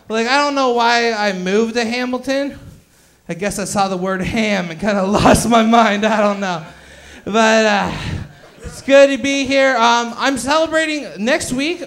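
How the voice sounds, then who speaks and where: A man in his twenties doing a stand-up comedy set on a club stage, loud, crude and bantering with the crowd. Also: very high voice. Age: 20s.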